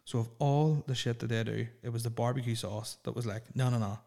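Young lad, mid-pitched, hosting a loose solo podcast full of swearing and jokes. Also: male voice, steady tone, a little fast, gravelly, darkish tone. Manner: rambling, profane and jokey. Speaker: podcast host. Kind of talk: casual solo podcast chat.

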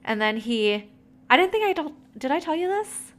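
A woman's voice: sits high, big pitch swings, normal speed, a bit bright. A young woman in her twenties tells a story in casual chat, gossipy and full of fillers and swearing.

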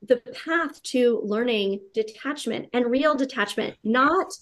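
Higher-pitched woman, reflective podcast host. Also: fairly bright tone. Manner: reflective, spiritual, drawn-out emphasis. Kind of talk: casual podcast conversation.

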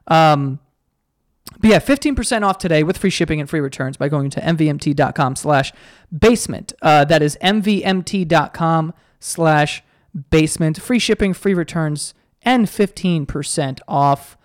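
A man's voice: fairly high pitch, lively intonation, normal speed, no echo, clean studio sound. Rambling young male podcast host. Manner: rambling, self-deprecating, voice cracking. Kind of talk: casual solo podcast chat with ad read.

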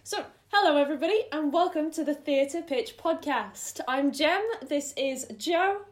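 Woman podcast host with a high voice; quick, teasing, dry sarcasm. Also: expressive. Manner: sarcastic, laughs often, quick. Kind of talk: casual podcast chat.

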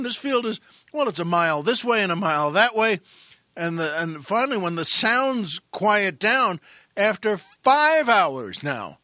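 A man tells a long comic joke in a high, bright voice that pushes forward with energy. He restarts phrases and calls out to the listeners as he goes. The sound is close and dry, like a studio. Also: no room sound. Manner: animated storyteller with frequent restarts. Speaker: comedian and podcast host.

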